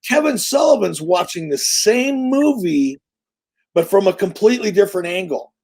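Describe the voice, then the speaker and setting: With a husky, high-pitched voice, this guest in his sixties spins stories at a normal speed. He's animated and swears freely, keeping the casual interview tales short and punchy.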